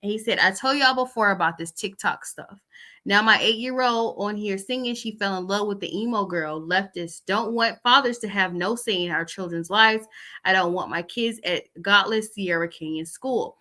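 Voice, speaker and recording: A woman's voice: medium pitch, moderate pace, bright, forceful tone. A woman chatting casually as host, reading out text messages with loose asides.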